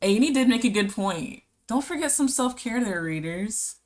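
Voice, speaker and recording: A woman's voice: fairly high pitch, expressive, moderate pace, darkish tone. A woman streamer talking casually with her chat while she draws, reading messages aloud and giggling often.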